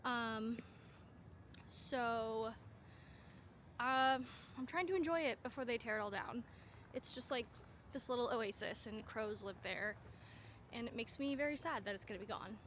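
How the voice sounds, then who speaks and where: A woman's voice: a little high, measured pace, long pauses, fairly bright tone, slight background noise. A young woman vlogging in a chatty, rambling way, full of filler words. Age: young adult. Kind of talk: casual vlog chat.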